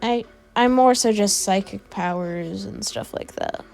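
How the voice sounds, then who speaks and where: Soft-spoken psychic creature, calm and mild, played by a woman slowly. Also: mid-range voice, creaky, faint music behind. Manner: quiet, mild, matter-of-fact.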